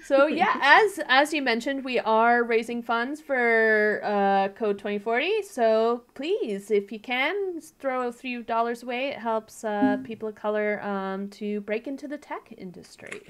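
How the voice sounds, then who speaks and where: A woman's voice: on the high side, measured pace, hardly any pauses, a bit bright, clean tone. A woman hosting a livestream, friendly and upbeat as she wraps up. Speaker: host. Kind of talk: casual chat.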